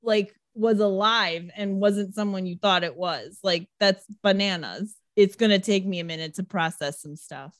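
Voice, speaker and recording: A woman chatting casually on a podcast, recapping scenes with lively, profane energy. Her voice sits at a middle pitch. It is recorded close and dry, with no room sound. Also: moderate pace, hardly any pauses, dry recording. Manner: animated, swearing, acting out characters in quotes. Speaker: podcast co-host recapping a movie. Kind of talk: casual chat.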